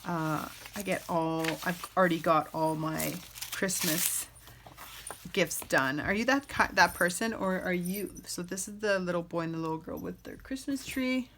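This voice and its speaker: Chatty woman crafter, somewhat low voice. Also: moderate pace, noisy background. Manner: rambling and self-deprecating, with filler words. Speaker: junk journal crafter and channel host. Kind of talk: casual chatty craft flip-through.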